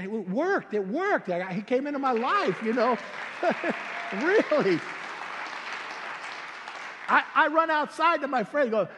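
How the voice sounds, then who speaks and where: An older man, a pastor, telling his story in a sermon in an animated, colloquial way with stammering restarts. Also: very high-pitched, takes it slowly, long pauses, some chatter behind. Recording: long hall reverb.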